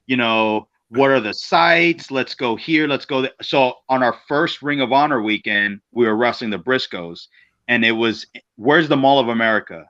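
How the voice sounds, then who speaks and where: A man swapping stories on a podcast, blunt and full of swearing. He acts out what others said in quick put-on voices. The sound is slightly dull and lo-fi. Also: medium pitch, pushed and bright. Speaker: guest wrestler. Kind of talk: casual storytelling on a podcast.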